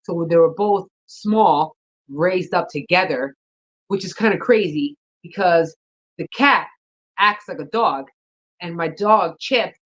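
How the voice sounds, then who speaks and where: A woman's voice: fairly low pitch, slow, a bit bright, highs cut off. A woman vlogging about gardening in a casual, rambling chat, thinking aloud and yawning often. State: sleepy, yawning.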